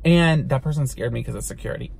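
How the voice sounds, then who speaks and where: A young man vlogging from inside a car, telling a story in an animated, dramatic way and swearing now and then. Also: medium pitch, fast, gravelly, breathy edge. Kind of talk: storytime vlog.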